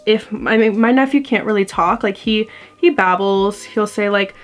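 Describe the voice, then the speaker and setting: A woman's voice: mid-range voice, moderate pace, soft background music. A young adult woman telling a ghost story to her camera in a casual, rambling way, full of fillers. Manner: chatty, rambling, heavy use of "like". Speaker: vlogger. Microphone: camera mic.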